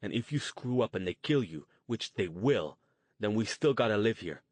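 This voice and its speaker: Guy putting on a gruff street tough, loud and crude, pushy slang. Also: on the low side, animated, normal speed, no echo. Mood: defiant. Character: gruff hard-bitten male street outcast leader.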